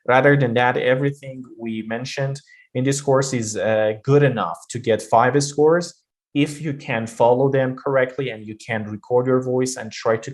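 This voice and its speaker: Patient male pronunciation teacher. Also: medium pitch. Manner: patient, repeats points with fillers and restarts. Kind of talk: online lesson explaining.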